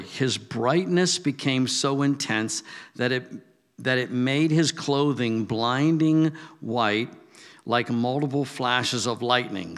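A man's voice: medium pitch, a bit bright, big-room sound. Older man teaching scripture casually. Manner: conversational, restarts and asides, acts out quotes. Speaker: Bible teacher.

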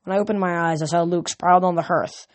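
A woman's voice: on the low side, fairly even intonation, fast talker. Woman reading a novel aloud. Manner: earnest, stumbles and corrects words. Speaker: reader.

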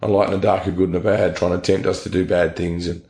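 Australian man, low gravelly voice, warm dark tone, echoey room, blunt testimony. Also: flat delivery, fast talker. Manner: blunt, earnest storytelling with slang. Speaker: interview guest. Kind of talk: personal testimony.

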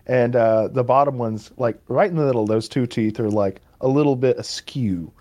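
A man's voice: mid-range voice, moderate pace, a little mellow. A man co-hosting a podcast, telling loose stories full of fillers and swearing. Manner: loose, profane, rambling with many fillers. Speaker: podcast co-host. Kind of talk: casual chat, storytelling.

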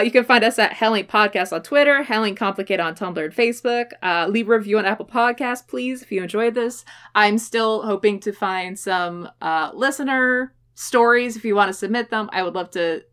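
Excitable swearing woman podcast host. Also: medium pitch, a little fast, few pauses, clear, resonant tone. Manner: excitable, swears freely, laughs often. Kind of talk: casual chat.

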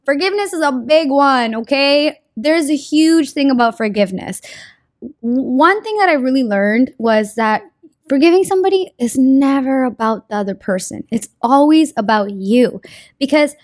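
A young woman gives casual spiritual advice in a slangy, earnest way, swearing freely. Her voice sits a little high. The sound is dry and close, with no room echo. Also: expressive, normal speed. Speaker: card reading vlogger.

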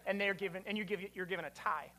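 A man, a pastor, giving an animated teaching sermon and quizzing his listeners. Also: high-pitched, quick pace.

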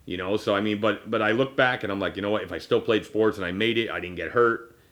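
A man's voice: on the low side, fast, a bit bright. A man in his thirties hosting a casual podcast, rambling with many fillers and restarts, and at times choked up. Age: 30s. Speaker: podcast host. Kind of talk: casual personal conversation.

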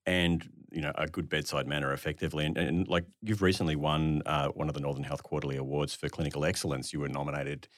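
A man's voice: extremely low pitch, flat delivery, quick pace, few pauses, no echo, studio quality. A man hosting a conversational interview podcast, affirming his guest and talking with frequent restarts. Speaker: podcast host.

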